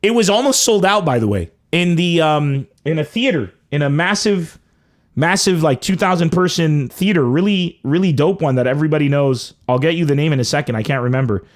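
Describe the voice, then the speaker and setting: A man hosting a casual call-in podcast, joking with callers, swearing freely and tossing off quick asides. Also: on the high side, animated. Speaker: podcast host taking calls.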